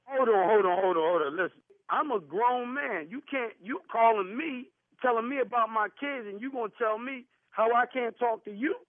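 A man's voice: very high voice, normal speed, dry recording. A man on a phone call, arguing defensively in heavy slang. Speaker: caller. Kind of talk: heated phone argument. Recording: tinny phone line.

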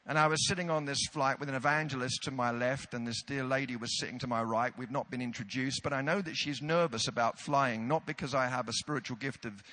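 A man's voice: medium pitch, steady tone, a little fast, few pauses, bright, forceful tone. A British man preaching a sermon, telling a self-deprecating story with comic timing.

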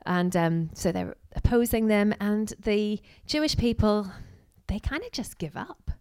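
A woman's voice: medium pitch, unhurried, smooth. Chatty woman preaching. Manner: chatty and animated, acting out quotes with asides. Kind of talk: casual sermon.

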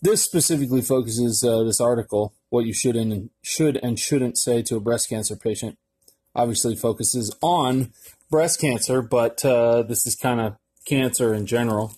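Mellow, rambling male podcast host. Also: mid-range voice, normal speed, slightly rough. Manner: rambling and offhand, with frequent fillers and cursing. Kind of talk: casual solo podcast, reading an article aloud.

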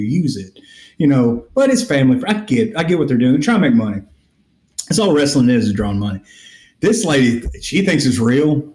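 A man's voice: medium pitch, echoey room. A man, hosting a casual podcast chat and telling a long story with acted-out quotes and plenty of swearing. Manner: animated, profane storyteller who acts out quotes. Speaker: podcast host.

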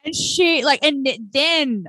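A young woman co-hosting a podcast, telling a story in casual chat, animated and swearing, with lots of "like" and "right?" fillers. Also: high voice, slow pace, no room sound. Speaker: podcast co-host.

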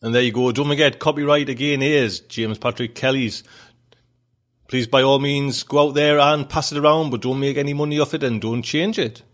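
A man's voice: medium pitch, steady tone, moderate pace. A man, hosting a podcast and signing off in a chatty way. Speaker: podcast host. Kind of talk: casual sign-off.

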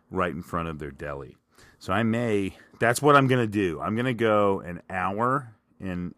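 Deep-voiced guy rambling on his own podcast, dry close mic, jokey and self-deprecating. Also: a bit bright, no room sound. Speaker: podcast host. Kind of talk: solo casual monologue.

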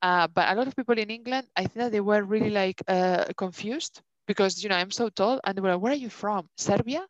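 A woman's voice: mid-range voice, fast talker, few pauses, no room sound. A woman with a Spanish accent chats casually as a podcast co-host, with plenty of fillers, restarts and laughter. Her voice sits in a middle range. The recording is slightly dull and lo-fi, with a dry, close sound. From Spain. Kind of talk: casual chat.

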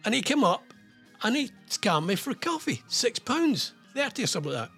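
A man's voice: extremely high pitch, big pitch swings, fairly quick, a bit bright, breathy edge, soft background music. An older man hosting a radio show, telling a rambling, self-mocking story in casual chat.

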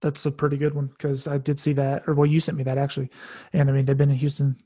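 A man's voice: mid-range voice, monotone, quick pace, warm tone. A man co-hosting a casual podcast chat, offhand and hesitant, with many fillers. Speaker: co-host.

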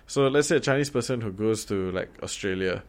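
Low-voiced man in casual chat. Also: a little fast. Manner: conversational, frequent fillers and restarts, swears casually. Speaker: podcast co-host.

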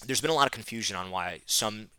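Fast-talking chatty man host. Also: fairly low pitch, clean tone, dry recording, clean studio sound. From Northeastern United States. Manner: quick, chatty, restarts and fillers, animated. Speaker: podcast host. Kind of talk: casual podcast conversation.

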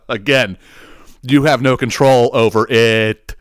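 A man hosting a podcast, telling a long casual story in a rambling, animated way, laughing often and swearing freely. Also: medium pitch, slow, no echo, studio quality. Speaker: podcast host.

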